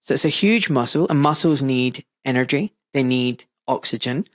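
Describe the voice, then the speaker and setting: A man's voice: medium pitch, moderate pace, a bit bright, dry recording, studio quality. A man, a father, hosting a casual interview and telling candid, self-mocking stories. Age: adult father. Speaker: podcast host.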